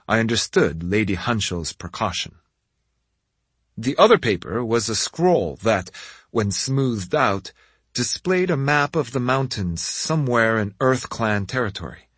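A man with a husky voice narrating a story in the first person, measured and expressive. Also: on the low side, dry recording. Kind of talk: scripted audiobook narration.

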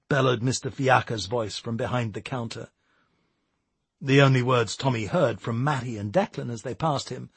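A man narrating a novel in a measured storytelling voice. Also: mid-range voice, gravelly, slightly rough, dry recording. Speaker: audiobook narrator. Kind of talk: scripted narration.

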